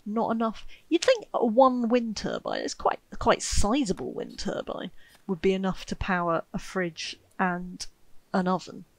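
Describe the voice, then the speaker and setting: A woman talks through her gameplay in a casual, wry, self-mocking way, now and then breaking into an excited yelp. Her voice has a slight gravelly rasp. The recording is close and dry, with no room sound. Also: mid-range voice, unhurried, no room sound, low-quality recording. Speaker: game streamer commentating.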